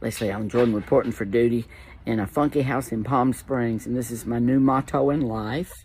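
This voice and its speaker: A man with a Southern US accent chatting to camera in an animated, exclaiming storytelling way. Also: medium pitch, fairly quick, slight background noise. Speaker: social media personality. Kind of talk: casual monologue to phone camera.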